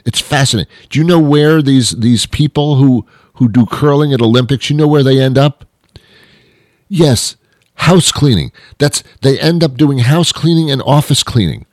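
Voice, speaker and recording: A man's voice: medium pitch, moderate pace, darkish tone, dry recording, clean studio sound. A man hosting a comedy show, delivering a rambling comic monologue with frequent restarts and mock outrage.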